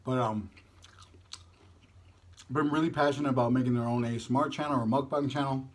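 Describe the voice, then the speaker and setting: A young man hosting a mukbang video, chatting casually while he eats and a little out of breath, rambling and dropping into soft mumbled asides. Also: medium pitch, steady tone, fairly quick, a little hiss or hum. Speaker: mukbang vlogger. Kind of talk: casual chat while eating on camera.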